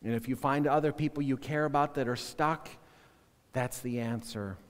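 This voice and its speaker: A man preaching a sermon as pastor, earnest and halting, often repeating and restarting words. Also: medium pitch, steady tone, long reverb tail.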